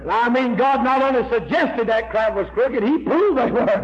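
High-voiced man preaching a fiery revival sermon. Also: normal speed. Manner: emphatic, repeats "I tell you" and "amen", rises to shouts. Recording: dull lo-fi recording with faint hiss.

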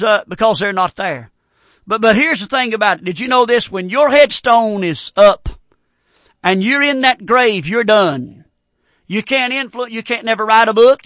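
A man's voice: high voice, fairly bright tone, no echo, clean studio sound. A middle-aged man preaching a fervent radio sermon, repeating phrases in a folksy, plainspoken way.

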